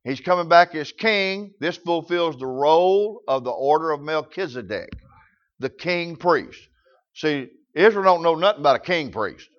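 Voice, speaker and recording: A man's voice: a little high, animated, normal speed, muffled recording. A man preaching a sermon, telling folksy stories in rural grammar.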